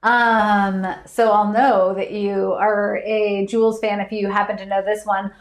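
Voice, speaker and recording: A woman hosting a live trivia stream, chatty and quick to laugh as she reads out viewers' answers. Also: medium pitch, flat delivery, roomy sound. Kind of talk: casual live-stream chat.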